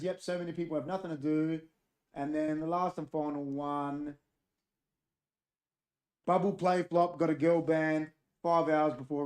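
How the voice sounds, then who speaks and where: Echoey podcast host reading chat aloud. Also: male voice, fairly high pitch, a little mellow. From Australia. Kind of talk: reading live chat, casual chat.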